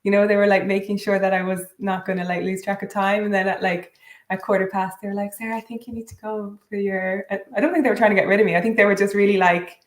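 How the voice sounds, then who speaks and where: A woman's voice: mid-range voice, flat delivery. A woman chats casually and bubbly during a whiskey tasting. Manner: bubbly, rambling, quick asides. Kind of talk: casual chat, livestream tasting. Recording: echoey room.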